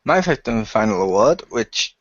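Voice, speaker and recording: A man's voice: lowish voice, big pitch swings, normal speed, no room sound. A man chatting on a podcast panel in a dry, sarcastic manner. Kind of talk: casual podcast chat. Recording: dull lo-fi dry sound.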